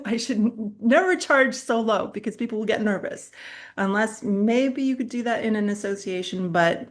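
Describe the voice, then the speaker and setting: Animated middle-aged woman coaching speakers. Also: on the high side, moderate pace. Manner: animated, laughs often mid-sentence; chatty, direct, addresses viewers. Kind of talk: online master class, storytelling.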